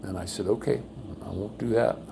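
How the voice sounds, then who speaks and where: A man's voice: steady tone, brisk, creaky, dark tone, a little hiss or hum. An older man chatting casually on a livestream, telling folksy stories and acting out other people's lines in a raised voice. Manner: folksy storyteller, acts out quotes in a higher voice. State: undergoing cancer treatment. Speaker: vlogger. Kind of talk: casual rambling livestream chat. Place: home room with high ceilings.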